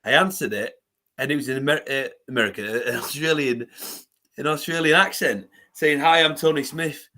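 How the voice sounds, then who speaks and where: A former rugby player, telling his story in a bright, forceful voice. He talks in an animated way, restarting his sentences and repeating words as he goes. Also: mid-range voice, moderate pace. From England. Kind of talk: storytelling in a podcast interview.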